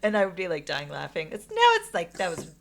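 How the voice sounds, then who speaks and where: A woman in her forties co-hosting a casual podcast chat, playful and quick to laugh. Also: lowish voice, huge pitch swings, vocal fry. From USA. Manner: giggly and playful. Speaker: podcast co-host.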